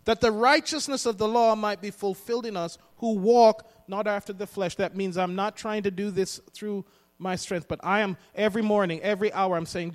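High-voiced preacher in a reverberant hall. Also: male voice, fairly even intonation, moderate pace. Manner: emphatic, repeats lines for the congregation to echo. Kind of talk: sermon.

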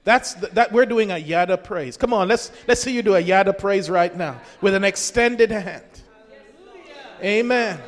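High-voiced man preaching with fervent shouts. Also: normal speed. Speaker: pastor. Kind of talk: sermon.

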